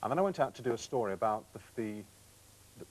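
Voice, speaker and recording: A middle-aged man in an interview, telling self-deprecating stories with quick asides. He talks fast, and his pitch rises and falls in lively swoops. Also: a little hiss or hum, low-quality recording. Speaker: TV presenter recalling his career. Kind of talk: anecdotal interview talk.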